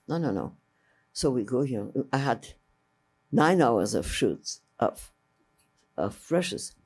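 Warm yet extremely low and slightly rough, this older woman's voice moves unhurriedly as she tells stories from her past. She's a filmmaker in an interview, a native French speaker who wanders lively through her tales, breaking off mid-phrase and voicing other people's lines.

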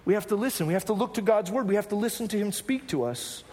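A man from Arizona preaching a sermon, animated and humorous, asking many rhetorical questions. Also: high-pitched, quick pace. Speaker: pastor. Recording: reverberant hall.

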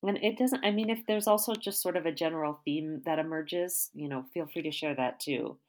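A woman's voice: low-pitched, brisk. A woman artist interviewing a podcast host, asking long, thoughtful questions with fillers.

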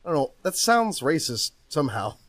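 Male podcast co-host, sarcastic and joking, slightly high voice. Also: big pitch swings, moderate pace, a bit bright, no room sound. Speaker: podcast co-host and game publisher. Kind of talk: live panel podcast chat.

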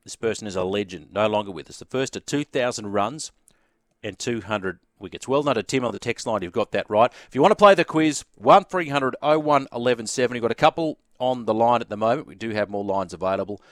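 A man's voice: fairly low pitch, lively intonation, fast, no echo, clean studio sound. A man with an Australian accent hosting a sports radio quiz and chatting easily with callers in a jovial way. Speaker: radio host.

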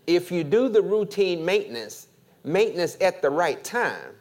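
Pastor type, male, preaches slowly with a lively, rising and falling delivery. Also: sits high. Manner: slow, deliberate preaching with call-and-response. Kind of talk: sermon.

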